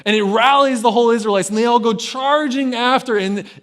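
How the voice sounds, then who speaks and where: A pastor with a high voice tells a sermon story in an easy, chatty way. He often tosses in "right?" to check in with his listeners. He gets animated as he acts out the voices of the people in the story. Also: brisk. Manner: conversational, keeps checking in with "right?".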